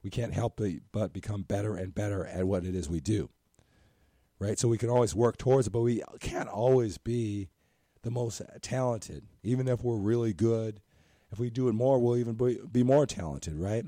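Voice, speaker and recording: A hoarse, scratchy-voiced man hosting a motivational podcast, talking earnestly in a rambling way and often asking "right?". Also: fairly low pitch, normal speed, warm tone, no echo, studio quality. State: hoarse from talking too much. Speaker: podcast host and coach.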